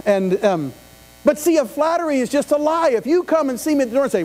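Very animated and fast-talking, a middle-aged pastor with a high, darkish voice preaches a conversational sermon in a church sanctuary. Questions to the congregation and asides come often, and the live stream has long reverb and mains hum.

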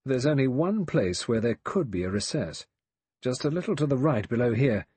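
A man over sixty voicing a brisk, practical man who speaks decisively. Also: medium pitch, sing-song, a little mellow, husky, no room sound, voice pushed up.

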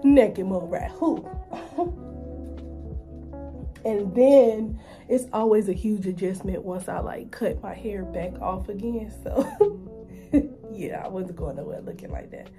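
A young mother talks straight to her viewers in a casual vlog, chatty and open about her feelings. Her pitch sits in a middle range. Music plays clearly behind her. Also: moderate pace, warm tone. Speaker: vlogger, mother. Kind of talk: casual vlog chat to camera.

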